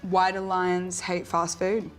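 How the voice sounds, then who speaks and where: A woman with a lowish voice delivers short jokes deadpan, flat and unhurried, letting the punchline land on its own. Faint music plays behind her. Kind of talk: casual joke challenge.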